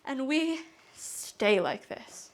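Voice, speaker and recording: A young adult woman performing a confessional comedy monologue, intense and halting, with an emotional delivery. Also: sits high, big pitch swings. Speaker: solo comedian. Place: apartment.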